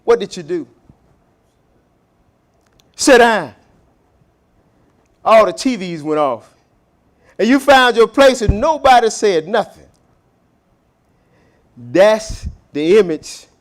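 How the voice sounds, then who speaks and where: A man from the preaching a sermon in a church. He swings from loud, emphatic bursts to low, quiet asides and stretches out key words. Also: animated, slow pace, long pauses. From Southern United States. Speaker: pastor. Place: church sanctuary.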